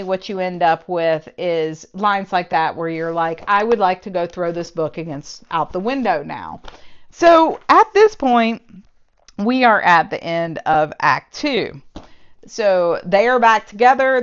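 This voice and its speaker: A woman's voice: on the low side, clean tone, lo-fi sound. A woman casually recapping and reviewing a novel with a sarcastic, exasperated manner. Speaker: book reviewer. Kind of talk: casual spoken book review.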